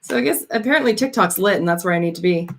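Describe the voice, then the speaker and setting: A woman's voice: medium pitch, expressive, rapid-fire. A woman in her thirties from Canada chatting casually with live viewers, swearing freely, laughing often and reading out their comments. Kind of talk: casual livestream chat.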